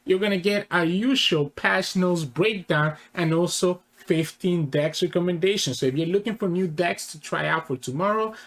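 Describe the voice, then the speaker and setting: A channel host with a slightly high, somewhat bright voice runs a casual reaction video. He rambles and corrects himself partway through his thoughts.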